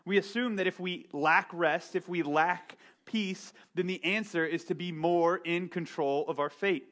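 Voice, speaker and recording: A man's voice: high-pitched, unhurried, fairly bright tone. A man preaching a casual, self-deprecating sermon, telling a story about himself and often checking in with "right?". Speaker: pastor. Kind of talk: conversational sermon.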